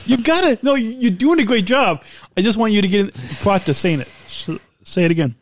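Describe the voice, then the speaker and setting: A man's voice: high voice, expressive, brisk, no room sound. A man co-hosting a podcast in casual chat, playful and teasing, often cutting in. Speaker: podcast co-host. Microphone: studio mic.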